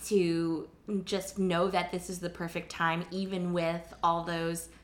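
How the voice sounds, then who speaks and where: Earnest young woman, slightly low voice. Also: flat delivery, takes it slowly. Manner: earnest, heartfelt, laughs often. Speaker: podcast host. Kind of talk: casual chat.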